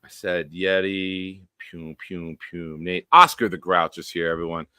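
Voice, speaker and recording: Male sports-stream host: low, forceful voice, dry close sound, excitable, shouts out viewers. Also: measured pace, clean tone, no echo. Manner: excitable, bursts into loud sing-song chants; shout-outs to viewers by name. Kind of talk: live-streamed sports chat.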